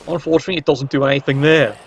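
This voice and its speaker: A man's voice: on the high side, fairly even intonation, rapid-fire, gravelly, husky. Wry man commentating a match. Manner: wry, joking asides. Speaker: game commentator. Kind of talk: play-by-play commentary. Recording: dull lo-fi recording.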